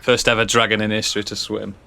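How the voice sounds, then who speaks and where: A man's voice: fairly low pitch, flat delivery, fast, creaky, bright, forceful tone. A man playing in a tabletop game, tossing in dry, teasing remarks. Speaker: player. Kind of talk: casual in-character banter.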